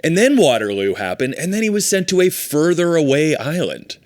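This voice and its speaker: A man's voice: very animated, brisk, dry recording, clean studio sound. A man co-hosting a comedy podcast, chatting casually and playfully with his roommate. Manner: playful, riffs into high silly voices. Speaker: podcast co-host. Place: apartment podcast setup.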